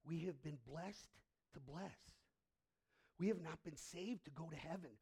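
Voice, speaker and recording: A man preaching a sermon as pastor in a church, telling the story dramatically and swinging between loud, emphatic bursts and hushed passages. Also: fairly high pitch, a little slow, slight background noise.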